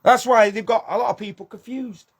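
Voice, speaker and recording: A man's voice: extremely high pitch, fairly even intonation, a little fast, breathy edge. A man delivering a scornful, preachy monologue, firing rhetorical questions and repeating his points. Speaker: channel host. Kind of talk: impassioned monologue rant.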